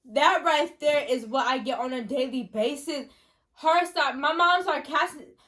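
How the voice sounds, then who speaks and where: A young woman co-hosting a chat show with her mother, defensive and excitable as she protests her side. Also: high voice, measured pace. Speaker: podcast co-host, daughter. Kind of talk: casual chat.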